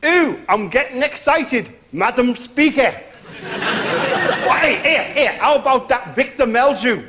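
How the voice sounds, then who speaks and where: An actor playing a self-pitying middle-aged warm-up comedian, rambling through his patter in a TV sketch comedy. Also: very high-pitched, noisy background.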